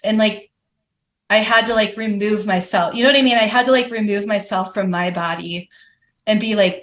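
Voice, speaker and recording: A woman's voice: mid-range voice, steady tone, normal speed, a bit bright. A woman guest on a podcast, telling her story candidly and animatedly, with many "like" fillers. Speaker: guest, professional climber. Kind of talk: casual podcast interview.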